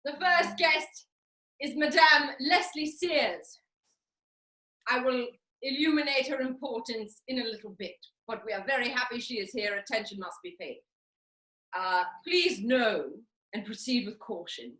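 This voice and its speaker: Casting: woman doing a high, bright-voiced, pompous grande dame, swooping and theatrical, echoey video call. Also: measured pace. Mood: grand. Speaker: host of a live online master class. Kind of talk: comic character performance.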